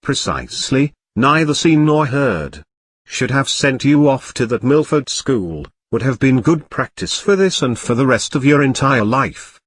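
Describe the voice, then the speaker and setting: A man's voice: mid-range voice, big pitch swings, a little slow, no echo, studio quality. A man reading a storybook parody, voicing a blustering, bossy middle-aged uncle. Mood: scornful. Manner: gruff, bossy and spiteful.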